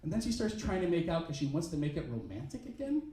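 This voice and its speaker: A male stand-up comedian telling a story on a comedy club stage, with an animated, punchy delivery and quick asides. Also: a little high. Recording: roomy club sound, mic at a distance.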